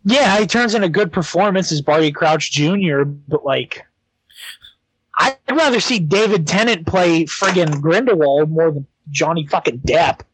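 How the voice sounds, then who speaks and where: A man's voice: fairly high pitch, a little slow, a bit bright, breathy edge, no echo, low-quality recording. A young man co-hosting a podcast, talking casually and hesitantly with many ums and restarts. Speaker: podcast co-host. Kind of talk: casual chat.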